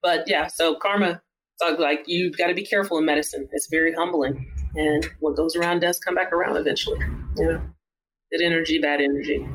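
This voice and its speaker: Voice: mid-range voice, a little fast, poor audio. A surgeon and author, a guest on a casual interview, telling hospital stories and acting out the quoted lines. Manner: animated, acts out quoted dialogue in the telling.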